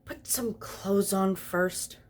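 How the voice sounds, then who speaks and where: A woman's voice: low-pitched, expressive, normal speed, a little mellow, husky. A tipsy woman voicing a fussy, prim male angel who complains petulantly.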